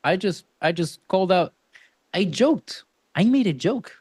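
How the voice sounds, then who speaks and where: A man coaching a sales team, speaking bluntly and emphatically in casual, animated bursts. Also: sits high, a little slow, husky, no echo. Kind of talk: coaching a role-play session.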